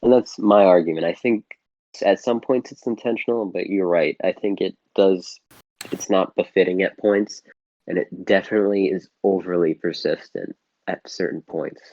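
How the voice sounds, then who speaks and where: A man's voice: deep voice, moderate pace, mellow, lo-fi sound. A man co-hosting a podcast, rambling casually through a movie plot and swearing freely. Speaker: podcast co-host. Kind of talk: casual film-review chat.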